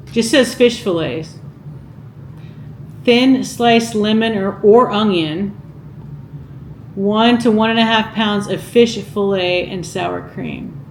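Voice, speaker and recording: A cooking vlogger reads from a vintage cookbook in a casual vlog, unhurried and chatty, musing aloud and asking her viewers questions. Her middle-pitched voice has some room echo over a faint background hiss.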